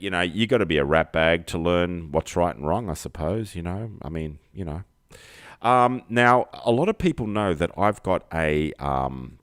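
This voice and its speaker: Man, low voice, rambling livestream comedy host, dry room. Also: no echo. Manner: rambling, self-mocking, jokey asides. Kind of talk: rambling comic monologue.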